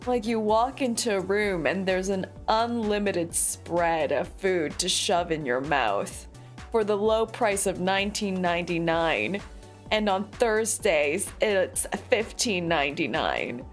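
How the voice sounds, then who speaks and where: A woman streaming a game, chatting to her viewers in a giggly, animated way. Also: fairly low pitch, slow, faint music behind. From United States. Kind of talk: casual livestream chat.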